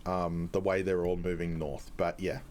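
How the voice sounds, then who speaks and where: A man hosting a game's community stream, who explains things to chat in an earnest, halting way with many restarts. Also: sits low, level tone, darkish tone, slight background noise. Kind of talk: live stream chat while playing.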